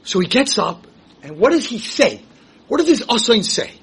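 A man teaching a Torah class, emphatic and animated, asking rhetorical questions and rising to shouts. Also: high voice, moderate pace, breathy edge, poor audio. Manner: rhetorical questions, acts out quotes. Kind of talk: Torah lecture.

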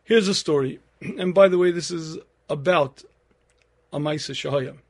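A man in his fifties giving a Torah lecture, telling stories earnestly and clearing his throat often. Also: on the high side, moderate pace, a little mellow.

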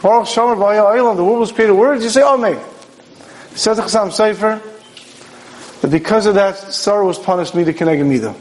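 High-voiced man giving a storytelling sermon. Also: brisk, rough recording. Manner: storytelling with rhetorical questions and acted-out dialogue. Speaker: rabbi teaching Torah. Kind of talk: Torah sermon.

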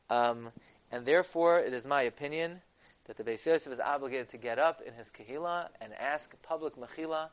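Man, fairly high pitch, Torah lecturer, reads sources then explains, forceful at key points. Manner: grows loud and emphatic at key points. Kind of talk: text-study lecture.

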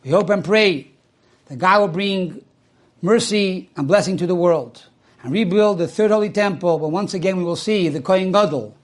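High-voiced man telling an animated religious story. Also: moderate pace. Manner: animated, acts out quoted speech with swings in pitch; uses Hebrew and Yiddish religious terms. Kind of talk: storytelling sermon.

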